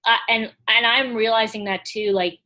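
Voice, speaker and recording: A woman's voice: on the high side, fairly even intonation, moderate pace, bright, forceful tone. A woman being interviewed on a podcast about running her small business, talking casually with lots of fillers and little laughs. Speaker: podcast guest, small business owner and coach.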